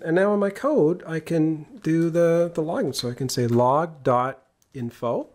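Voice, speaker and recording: In this screen-recorded coding lesson, a programming instructor speaks in a mid-range, gravelly voice with a darkish tone. He's laid-back and joking, explaining every step out loud as he types.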